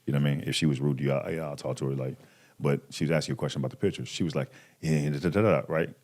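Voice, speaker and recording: A man's voice: rumbling low, racing. A man in his thirties, a podcast guest, casually telling a personal story with lots of slang and acted-out quotes. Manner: animated, acts out quoted voices, slangy.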